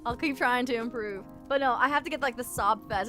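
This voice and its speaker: A young woman streaming live, chatting casually and rambling, laughing often and sometimes breaking into shouts. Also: a little high, a little fast, hardly any pauses, faint music behind. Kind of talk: casual livestream chat.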